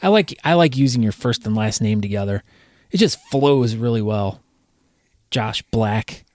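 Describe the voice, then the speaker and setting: A man's voice: medium pitch, expressive, moderate pace, darkish tone, no room sound. Playful teasing podcast host man. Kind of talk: casual podcast interview.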